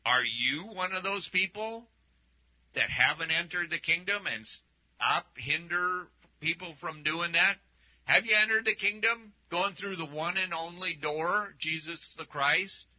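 A man's voice: high-pitched, unhurried, lo-fi sound. A male pastor preaching a sermon in a conversational, rambling way, often restarting and adding asides.

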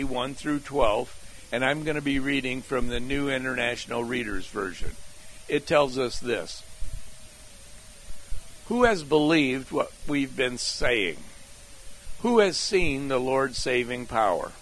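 A man preaching slowly from a sermon outline and repeating key phrases, then reading scripture aloud. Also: medium pitch, fairly bright tone, poor audio. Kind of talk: slow scripture teaching from an outline.

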